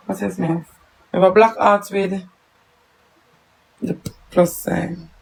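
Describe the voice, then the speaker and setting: Gravelly Jamaican woman chatting on a live stream. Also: mid-range voice, level tone, takes it slowly, a little mellow, low-quality recording. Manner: chatty, answers viewers in patois, tells stories. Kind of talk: casual live-stream chat.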